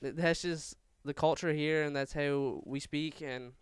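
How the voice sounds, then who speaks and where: In a slightly high, steady and smooth voice with no echo, a Newfoundland man hosts a gaming channel. He talks fast out of habit, ranting loosely over gameplay with frequent stumbles and fillers.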